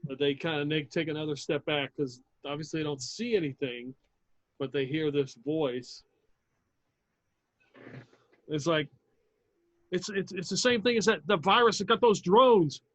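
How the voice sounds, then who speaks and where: A man's voice: on the high side, measured pace, long pauses, a bit bright, dry recording, dull audio. Male game master, casual swearing delivery, dry close mic. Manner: casual, swears, lots of fillers. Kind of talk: narrating a tabletop game.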